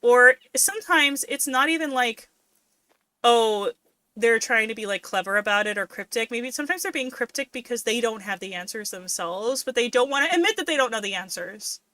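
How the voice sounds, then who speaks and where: A woman's voice: on the high side, expressive, brisk, few pauses, pushed and bright, dry recording. A young adult woman streaming a game, talking in rambling, frustrated asides. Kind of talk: live game stream commentary.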